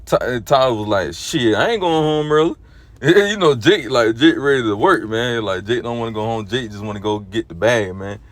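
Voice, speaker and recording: At a moderate pace and with no echo, a man gives an informal religious exhortation as a lay teacher. He meanders, relying on fillers such as "you know" and "or whatnot," his delivery rising from low and subdued into loud, animated bursts.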